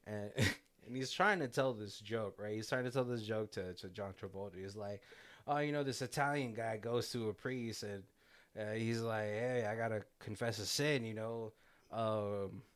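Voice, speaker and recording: A man's voice: on the low side, moderate pace, fairly bright tone. A man hosting a casual movie commentary chat, retelling scenes with quoted lines and frequent laughs. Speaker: podcast host.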